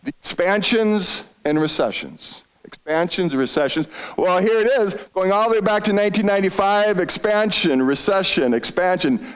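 Man, economics lecture, high voice, very lively swings in pitch. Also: normal speed, hardly any pauses, clear, resonant tone. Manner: animated, quizzes the audience with questions. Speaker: economist giving a talk. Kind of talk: lively lecture to a retiree audience.

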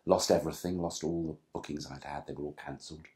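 An older man with a very low, deep voice recalls his past in a relaxed, self-deprecating way. He tells rambling anecdotes for an interviewer, doubling back and restarting his sentences as he goes. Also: fast. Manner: self-deprecating storyteller, frequent restarts and asides. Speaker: interview guest.

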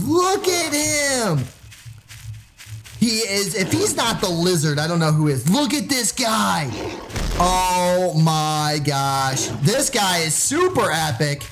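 Excitable man shouting over gameplay. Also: normal speed, poor audio. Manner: loud, yelling and squealing at the mic; sudden high-pitched shrieks. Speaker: gaming channel host. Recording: music playing behind.

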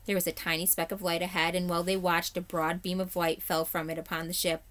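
A woman's voice: fairly low pitch, quick pace. A woman teacher reading a chapter book aloud to her class, telling it expressively with the odd slip. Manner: expressive storytelling, occasional slips. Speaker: third grade teacher.

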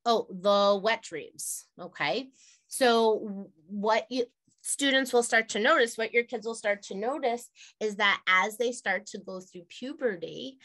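Chatty, candid woman teacher, bright voice. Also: medium pitch. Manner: candid, chatty, laughs at her own jokes. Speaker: health teacher. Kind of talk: explaining a lesson to parents.

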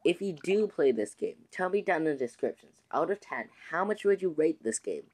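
A man's voice: on the high side, animated, moderate pace, a little mellow. A man hosting his own gaming channel, chatting casually to viewers in a rambling way with many restarts and fillers. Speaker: gaming YouTuber host. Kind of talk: casual let's-play commentary.

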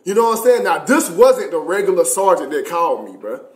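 A man's voice: high-pitched, very animated, a little fast. A young man telling a loose, profane, slang-filled story on a casual livestream. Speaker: streamer. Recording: echoey room.

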